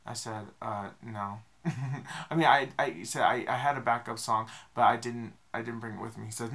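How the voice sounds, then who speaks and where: A man's voice: medium pitch, normal speed. Rambling young man telling a nervous story. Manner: rambling, animated, self-deprecating, with sung snatches. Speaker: vlogger. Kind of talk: casual storytelling.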